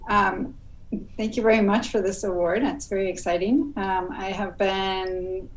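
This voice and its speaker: A woman's voice: medium pitch, level tone, a little slow, low-quality recording. A middle-aged woman artist from Minnesota thanking for an award on a video call, cheerful and chatty with frequent ums. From Minnesota, USA. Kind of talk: casual thank-you remarks.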